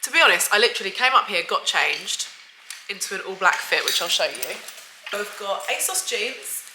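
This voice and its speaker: A woman's voice: medium pitch, expressive, moderate pace, noisy background. A woman chatting casually to camera at home as a beauty vlogger, effusive and chatty, sounding a little stuffy. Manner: chatty and effusive, frequent "like" and "guys". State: slightly stuffy, bunged up. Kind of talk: casual vlog chat to camera. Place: at home, indoors.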